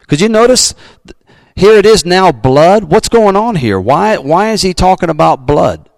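A man's voice: high-pitched, expressive, normal speed, no room sound, low-quality recording. A man preaching a sermon as pastor in a folksy, emphatic style.

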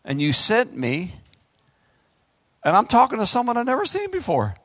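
A man's voice: high-pitched, wildly swooping pitch, normal speed, a bit bright, dry recording, pitched above the performer's own voice, full character voice. A man voicing a panicky young male peasant who stammers in disbelief at his calling. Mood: overwhelmed.

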